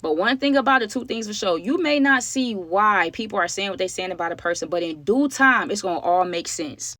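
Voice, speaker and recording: A woman's voice: medium pitch, lively intonation, brisk, a bit bright, no room sound. A woman vlogger telling a story to her viewers in a casual, slangy way, often speaking to them directly. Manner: chatty, slangy, keeps addressing viewers directly.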